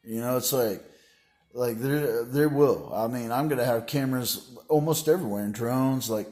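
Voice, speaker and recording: A man's voice: medium pitch, normal speed, darkish tone. A man talking in a rambling, grandiose monologue, filling his sentences with "you know" and "like" and preaching about his plans. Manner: meandering, full of "you know" and "like" fillers. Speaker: vlogger.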